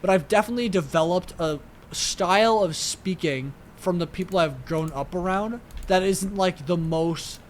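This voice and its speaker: A man's voice: high-pitched, moderate pace, a little hiss or hum. A young man with a New York accent, chatting casually as a podcast co-host, rambling and swearing with lots of filler words. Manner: rambling, profane, heavy use of "like".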